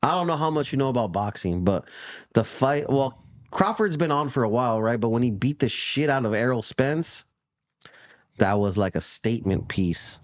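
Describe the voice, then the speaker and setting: A man's voice: medium pitch, lively intonation, normal speed, dry recording, muffled recording. A man co-hosting a casual show, talking in a laid-back, profane way and laughing often while he reacts to news clips. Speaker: podcast co-host.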